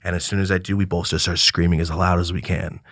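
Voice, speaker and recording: A man in his thirties from Oregon, telling a profane, animated story as a podcast guest. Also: sits low, fast talker, dry recording, clean studio sound. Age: 30s. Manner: animated, profane, breaks into loud excited outbursts.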